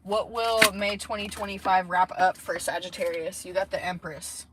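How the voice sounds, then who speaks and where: A woman's voice: medium pitch, flat delivery, normal speed, few pauses, rough recording. A woman giving a casual, rambling tarot reading from inside a car, with many fillers and asides. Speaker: tarot reader. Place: in a parked car. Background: faint background noise.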